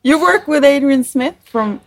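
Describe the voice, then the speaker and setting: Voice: sits high, lively intonation, measured pace. A podcast host asking brief questions and reacting to a guest's stories with short acknowledgements and laughter. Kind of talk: interviewer interjections.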